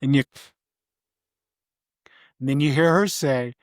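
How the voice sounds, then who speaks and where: A man's voice: takes it slowly, no echo. An older man recalls his life in a casual interview. He rambles with restarts and fillers, and his voice sits in a middle range. The sound is dry and close. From Vermont, USA. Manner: briefly mimics his mother in a high voice. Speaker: interview guest.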